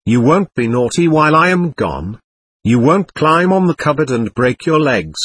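A self-assured schoolboy who talks with mock solemnity and likes to show off, as a man reads him. The voice is husky and lively in pitch. It is recorded dry and close. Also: moderate pace, no room sound, full character voice. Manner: solemn, showing off.

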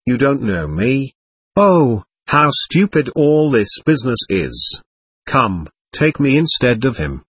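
A man voicing a delirious young man raving slowly in court, in a husky voice with a lively pitch. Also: no echo, heavily acted. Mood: rambling. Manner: rambling, slow and brooding.

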